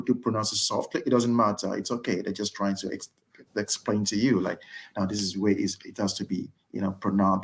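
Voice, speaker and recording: A man speaking as a guest in a casual interview, answering in a halting way with many fillers and restarts. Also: fairly low pitch, creaky. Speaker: interview guest, engineering student.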